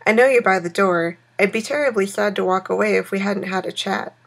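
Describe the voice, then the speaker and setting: Firm friendly stranger woman at the back door, read out by a gamer lady, bit gravelly. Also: medium pitch, brisk. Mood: coaxing.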